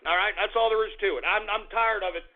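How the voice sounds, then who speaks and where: A man's voice: high voice, a little hiss or hum. A man hosting a radio show, ranting in a combative, repetitive way. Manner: combative, repetitive, talks fast and heated. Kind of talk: call-in radio rant. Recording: tinny phone-like radio audio.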